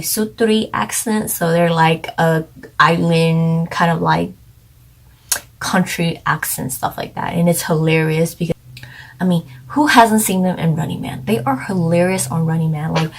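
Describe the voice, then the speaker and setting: Chatty young woman reviewing a drama. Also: on the low side. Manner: chatty, lots of "like" fillers, laughs easily.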